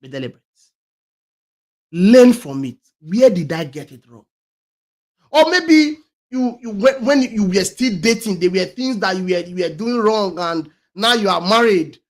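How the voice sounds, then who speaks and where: Emphatic high-voiced man giving motivational talk. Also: lively intonation, a little slow. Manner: emphatic, repeats key phrases, many restarts; swings between loud stresses and quiet trailing words. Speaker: talk show host.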